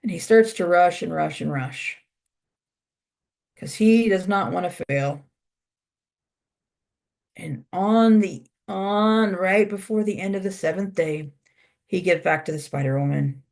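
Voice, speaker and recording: An instructor tells a folk tale aloud to a class at an easy pace. The voice sits at a middle pitch, and words are repeated for rhythm. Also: measured pace, gravelly, pauses often, darkish tone. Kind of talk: oral storytelling in a class.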